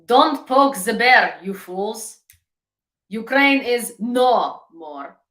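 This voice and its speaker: Woman doing a slow, drawn-out troll guy, pompous and menacing, bright edge, echoey room. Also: on the high side, animated, full character voice.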